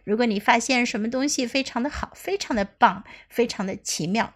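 Gentle woman teaching children English. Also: on the high side, a little fast, hardly any pauses. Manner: gentle and encouraging, speaking to children. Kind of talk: bilingual children's story reading and lesson.

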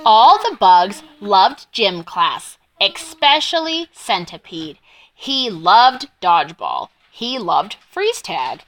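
A woman reading a children's picture book aloud in a slow, expressive storytelling voice. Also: medium pitch. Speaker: reader.

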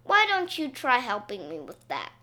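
A woman voicing a gentle, loving grandmother over 60 in a children's storybook reading. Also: fairly high pitch, huge pitch swings, normal speed, exaggerated voice.

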